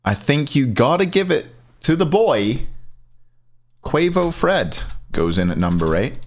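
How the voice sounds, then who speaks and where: A man's voice: fairly high pitch, sing-song, a little slow. A young man with a light Scottish accent, streaming and giving casual, opinionated rankings while chatting with his viewers. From Scotland. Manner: opinionated, chatty, reads and answers chat. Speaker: streamer ranking esports players. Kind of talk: casual live-stream commentary.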